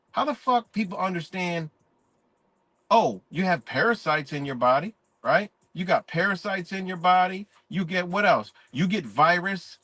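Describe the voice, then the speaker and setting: A man's voice: sits high, a bit bright, no echo. A man ranting in a profane, emphatic, preachy way during a live-stream monologue.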